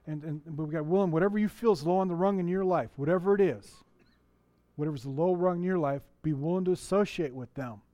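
A man's voice: a little high, quick pace, mellow, dry recording. A middle-aged man preaching a sermon as a pastor in a conversational way, asking the congregation questions and often restarting his sentences. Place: church.

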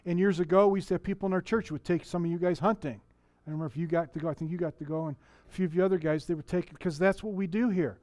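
A man's voice: high voice, fairly even intonation, very fast, hardly any pauses, darkish tone, no room sound. A middle-aged man preaching a sermon as a pastor in a conversational way, asking the congregation questions and often restarting his sentences. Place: church.

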